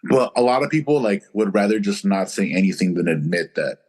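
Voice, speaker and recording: Low-voiced man rambling with lots of fillers. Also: animated, fairly quick, darkish tone, breathy edge. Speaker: podcast co-host. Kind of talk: casual chat.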